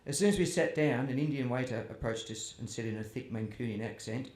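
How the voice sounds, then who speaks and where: A man's voice: mid-range voice, fast, hardly any pauses, slight background noise. A man telling humorous stories about his family to a festival audience, chatty and self-deprecating. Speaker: author speaking at a festival. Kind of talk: humorous storytelling to a live audience. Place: festival tent or hall with audience. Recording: roomy hall with faint ambience.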